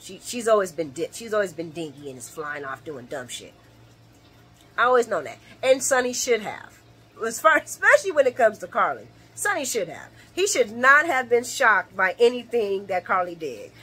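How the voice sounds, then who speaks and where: A woman hosting a casual late-night soap opera recap vlog, animated and laughing often as she acts out characters' lines. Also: medium pitch, moderate pace, slightly rough.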